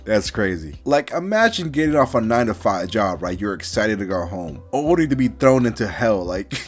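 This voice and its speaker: A man casually reviewing a manga chapter, animated and swearing, flaring into loud outbursts. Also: fairly low pitch, normal speed, husky, faint music behind.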